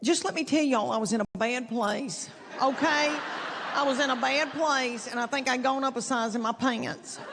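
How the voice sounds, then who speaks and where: A woman's voice: high-pitched, moderate pace. A middle-aged woman telling stories in stand-up comedy, folksy and self-deprecating, drawing out her punchlines. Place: theater stage. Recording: live theater with long reverb, audience laughter and noise.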